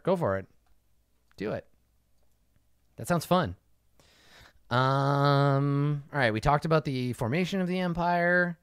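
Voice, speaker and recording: A man fields fan questions on a casual stream, talking bluntly with plenty of swearing. His fairly high voice swings widely in pitch as he jumps into little acted-out exchanges. The sound is close and dry, with no room around it. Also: sing-song, clean tone, no echo. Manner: blunt, profane, acts out quick mock dialogue. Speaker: game master answering fan questions. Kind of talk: casual livestream Q&A.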